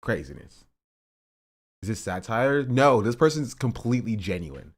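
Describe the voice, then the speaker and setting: A man's voice: medium pitch, very animated, a little slow. A man hosting a casual reaction stream, rambling and amused as he talks to his chat.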